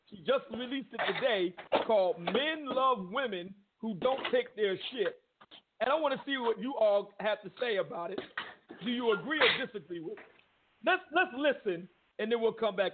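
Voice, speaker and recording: A man's voice: sits high, expressive, moderate pace. A man hosting a live call-in radio show, casually bringing callers in and setting up a clip. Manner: casual, inviting callers to jump in. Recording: tinny phone-line sound with loud noise.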